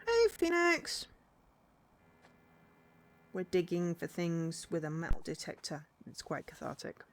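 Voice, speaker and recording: A woman's voice: fairly low pitch, flat delivery, moderate pace, a little mellow. A young woman streaming a game, chatting playfully and giggling at her finds. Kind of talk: casual game stream commentary.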